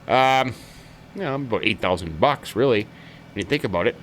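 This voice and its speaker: A folksy man talks through a let's-play video with a lively, bouncing pitch. His voice is bright and forward, and faint noise sits under it. He rambles from thought to thought in a casual, easygoing way. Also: normal speed, poor audio. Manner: folksy, rambling, repeats stock phrases. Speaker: gaming channel host.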